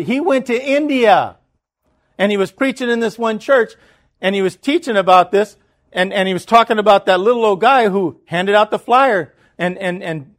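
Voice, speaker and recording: A man preaching, telling a story in an animated way, often restarting and repeating words. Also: sits high. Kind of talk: sermon storytelling.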